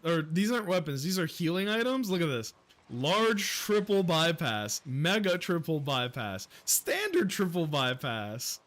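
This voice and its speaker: A young American man streams a game and talks through it in a relaxed, unhurried drawl, his voice sitting a little high for a man. He swears freely and jokes around, now and then bursting into loud, excited yelps. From United States. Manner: profane, jokey, loud excited outbursts. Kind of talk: casual gameplay livestream commentary.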